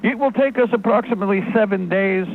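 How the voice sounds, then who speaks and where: A man voicing a cold, smug male government bureaucrat with a mock-Soviet manner, speaking in slow, clipped, condescending phrases. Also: sits high. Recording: tinny phone-line audio, faint noise.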